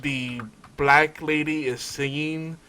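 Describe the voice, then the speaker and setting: A man co-hosting a podcast, talking casually and excitably, often laughing. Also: on the high side, takes it slowly, slight background noise. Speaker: podcast co-host. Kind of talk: casual chat.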